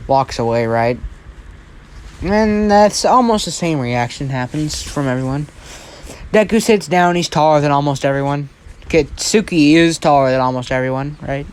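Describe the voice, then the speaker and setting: Young guy rambling through his fan story, keeps saying right, slightly high voice. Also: smooth. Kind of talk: casual fan-fiction retelling.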